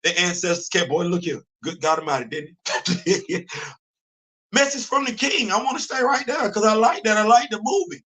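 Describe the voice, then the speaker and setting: Animated man with a worn-out, bright voice. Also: sits high, normal speed. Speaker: host of a comic book morning show. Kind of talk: casual talk-show commentary.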